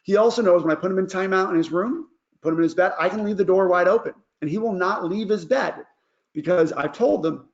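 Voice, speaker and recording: A man's voice: high voice, a little fast, dull audio. A man who works as a life coach gives a casual parenting advice lesson and keeps checking in with "all right?".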